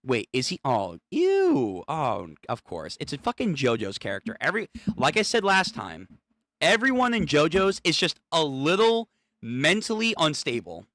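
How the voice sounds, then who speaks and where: A hyped young man reads a comic aloud and reacts as he goes, full of slang and casual swearing. His voice is fairly high and jumps around a lot. The recording is dry and close. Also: wildly swooping pitch, moderate pace, fairly bright tone, dry recording. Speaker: comic read-through host.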